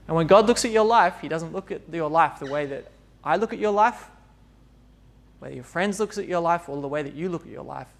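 A man's voice: on the high side, animated, fairly quick, creaky. A man giving an informal, conversational sermon, laughing often and acting out bits of dialogue. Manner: chatty, laughing asides, acts out dialogue. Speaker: preacher.

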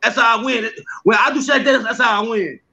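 A man guest telling stories excitedly, stammering, laughing and breaking into shouts. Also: very high-pitched, fast talker, vocal fry. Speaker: skit creator and guest. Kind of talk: casual storytelling. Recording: slightly muffled lo-fi audio.

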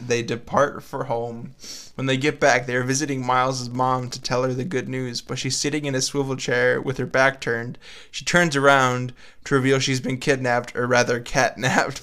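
A young man co-hosting a comedy podcast, reading aloud in a loose, offhand way. His voice sits at an ordinary middle pitch. He laughs often and drops crude jokes. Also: steady tone, normal speed, a bit bright. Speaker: podcast co-host. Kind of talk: casual chat, reading fan fiction aloud.

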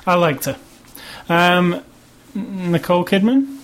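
A man's voice: high-pitched, slow, fairly bright tone. A man with a British accent co-hosting a casual film review chat in a dry, wry way. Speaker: film review podcast co-host.

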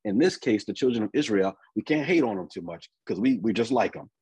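A man preaching a conversational sermon, often repeating and restarting his words and reading scripture slowly. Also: lowish voice, lively intonation, darkish tone, breathy edge, no room sound, poor audio.

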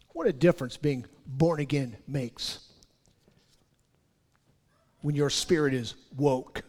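A man preaching a sermon, rising loud on his key points and dropping low for scripture. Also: takes it slowly, long pauses, breathy edge. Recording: long hall reverb.

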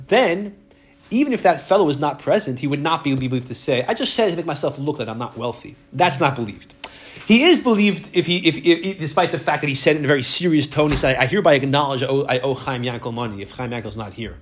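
Guy teaching talmud, yiddishy words, kinda high voice, keeps restarting his sentences. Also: breathy edge. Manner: explains step by step, repeats words, restarts often. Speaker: Torah teacher. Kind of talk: Talmud class lecture.

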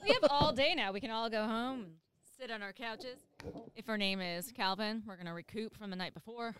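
A woman co-hosting a podcast in casual chat, joking and animated. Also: on the high side, fairly quick, clean tone. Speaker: podcast co-host.

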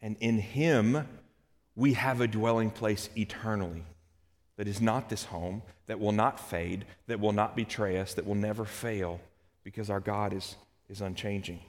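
A man preaching a sermon, swinging between hushed, slow scripture reading and loud, urgent outbursts. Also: fairly low pitch, steady tone, big-room sound. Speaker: pastor.

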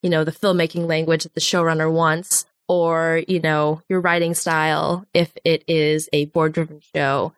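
A woman's voice: low voice, moderate pace, few pauses, no room sound, clean studio sound. A woman in her twenties, a storyboard artist, chatting casually in an interview and animatedly acting out the voices of people in her stories. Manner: animated, acts out quoted voices.

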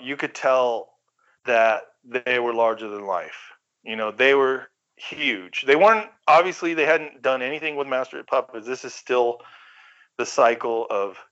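A middle-aged man from the Bay Area, a guest telling stories casually, animated, swearing freely and acting out quoted voices. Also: medium pitch. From San Francisco Bay Area. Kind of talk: casual storytelling. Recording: slightly dull lo-fi recording.

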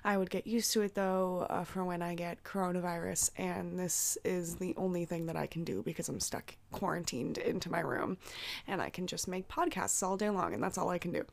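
A woman's voice: lowish voice, fairly quick, creaky. A young woman chats alone on her own podcast while sick, her voice a bit throaty. She rambles casually, swears freely and fills her sentences with "like". She laughs easily at her own tangents. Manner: laughs and squeals at herself. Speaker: podcast host. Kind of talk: casual solo podcast chat.

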